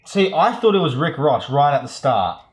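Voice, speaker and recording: A man's voice: on the high side, very animated, moderate pace. A man co-hosting a podcast, guessing quiz answers aloud in casual banter and second-guessing himself. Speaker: podcast co-host.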